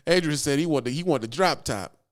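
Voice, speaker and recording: A man who streams about trucking, talking in an animated, slangy, teasing way and reading chat aloud. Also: a little high. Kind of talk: casual live-stream chat.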